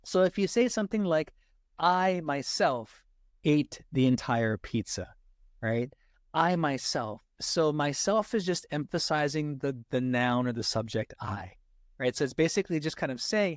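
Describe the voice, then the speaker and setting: A man teaching grammar for a test in a casual lesson, checking in with "right?" after almost every point and slowing down to stress example sentences. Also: on the high side, lively intonation, dry recording, clean studio sound. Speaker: SAT tutor.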